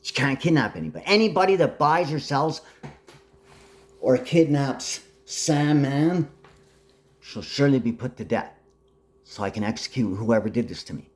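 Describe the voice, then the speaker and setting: A man's voice: medium pitch, lively intonation, moderate pace, pauses often, darkish tone. A man delivering a rambling, agitated monologue full of threats, jumping between topics.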